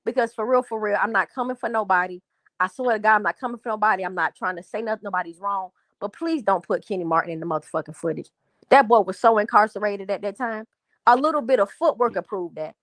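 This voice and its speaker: A woman's voice: medium pitch, fast talker, fairly bright tone, no echo, clean studio sound. A woman hosting a livestream, venting angrily to her viewers in a profane, repetitive rant. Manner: angry, profane, repetitive, addresses chat as y'all. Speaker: livestream host.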